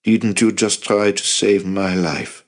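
A man voicing a stern, fierce middle-aged uncle who speaks in a low, firm, commanding way. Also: normal speed. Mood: gentle.

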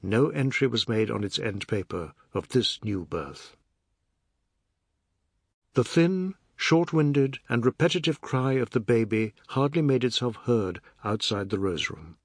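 A man narrating a novel as an audiobook in a measured, expressive reading. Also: mid-range voice, husky, no room sound, studio quality.

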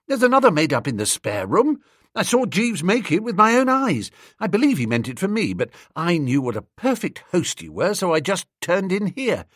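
Man doing an excitable, scatterbrained young toff. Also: fairly high pitch, husky, dry recording, voice pushed up, full character voice. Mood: excited. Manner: breezy, querulous, quick.

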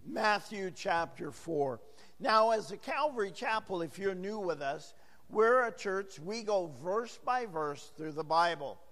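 A hoarse, gravelly-voiced man preaching a verse-by-verse sermon as pastor, chatting with jokes to the congregation in a church. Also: high voice, animated, unhurried, fairly bright tone, big-room sound. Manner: chatty, joking asides to the congregation. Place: church sanctuary.

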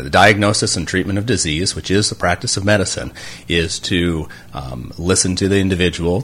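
A man's voice: low voice, fairly bright tone. A man, a doctor and co-host, explaining health topics in casual talk with many fillers and restarts.

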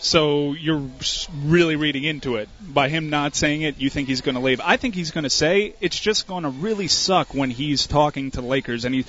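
A man in his twenties co-hosting a sports radio show, laid-back and quick to ask questions and joke. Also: fairly high pitch, a bit bright, dull audio. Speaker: radio co-host. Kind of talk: casual sports radio chat.

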